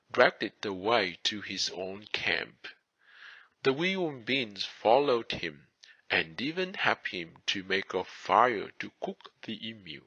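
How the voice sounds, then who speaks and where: A man narrates folk tales in a slow, measured storybook reading. His low voice is husky yet bright-edged. The dry recording sounds somewhat dull and lo-fi. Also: no echo. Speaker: audiobook narrator.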